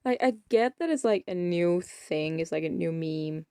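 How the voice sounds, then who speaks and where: An eighteen-year-old vlogger rambles casually during a game session, making fun of herself and trailing off into mumbles now and then. She has a fairly low, mellow, clear, and resonant voice with lively intonation and a moderate pace, captured in studio quality with no room sound.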